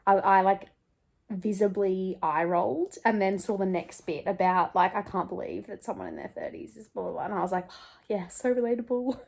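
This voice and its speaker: A woman's voice: medium pitch, animated, brisk, gravelly, a little mellow. Emotional, gushing woman. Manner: gushing, emotional, laughs often. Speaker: book vlogger. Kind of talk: casual chat with read-aloud passages. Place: in bed.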